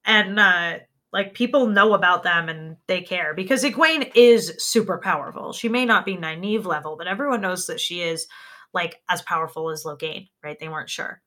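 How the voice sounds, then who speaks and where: A woman's voice: fairly low pitch, normal speed, pushed and bright. A woman co-hosting a podcast in casual chat, talking animatedly with lots of filler words. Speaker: podcast co-host.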